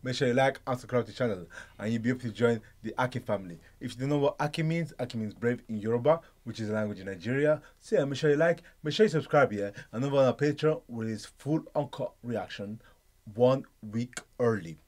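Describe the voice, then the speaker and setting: A young man co-hosting a reaction channel, chatting excitedly in a slangy way with bursts of laughter. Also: mid-range voice, quick pace. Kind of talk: excited casual reaction chat.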